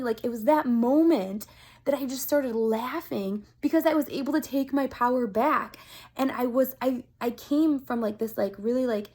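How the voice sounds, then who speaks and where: A woman's voice: a little high, normal speed. A woman vlogger talking casually to camera in a chatty, upbeat way, with many fillers like "like" and "um". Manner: earnest, animated storytelling.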